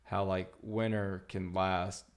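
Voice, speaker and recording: Low, gravelly male podcast host; relaxed, rambling delivery with lots of fillers. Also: slow. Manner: laid-back, rambling with many fillers. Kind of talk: casual chat.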